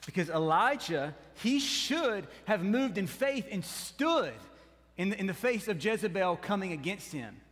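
High-voiced preaching man in a reverberant hall. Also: a little slow. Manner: animated preaching that rises and drops, with asides to the congregation. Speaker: pastor. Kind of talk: sermon.

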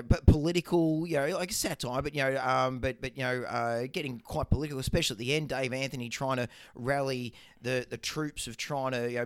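A man's voice: mid-range voice, clear, resonant tone, dry recording. An Australian man co-hosting a vet podcast, chatting casually in a joking, rambling way with lots of fillers. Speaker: veterinarian podcast co-host. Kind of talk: casual chat.

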